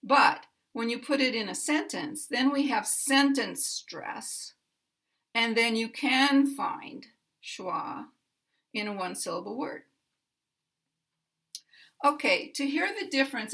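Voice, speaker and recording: An American woman gives a pronunciation lesson at an unhurried, deliberate pace. Her voice is bright and clear, and she draws out key words to show how they are stressed. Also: a little high, lively intonation. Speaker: pronunciation teacher.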